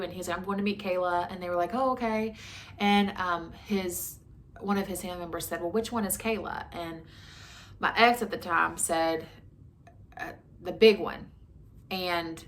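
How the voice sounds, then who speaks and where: A woman's voice: fairly low pitch, fairly bright tone, a little hiss or hum. A woman in her twenties telling a frank personal story to her camera, talking conversationally with many likes and ums. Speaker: vlogger. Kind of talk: candid storytime monologue.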